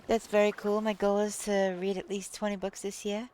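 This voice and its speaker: A woman's voice: mid-range voice, little pitch movement, moderate pace, darkish tone. A woman live streaming, chatting casually with viewers, reading chat aloud and playing with how words are pronounced. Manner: reads chat aloud and plays with word pronunciations.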